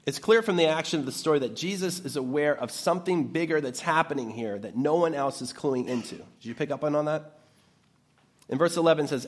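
A man's voice: on the high side, lively intonation, brisk. A man preaching an Easter sermon, reading a scripture passage aloud and then explaining it in plain terms. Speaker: pastor.

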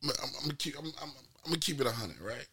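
A man's voice: a little high, expressive, racing, sharp tone, slightly rough. A man co-hosting a podcast in casual banter, repeating catchphrases and laughing often. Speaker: podcast co-host.

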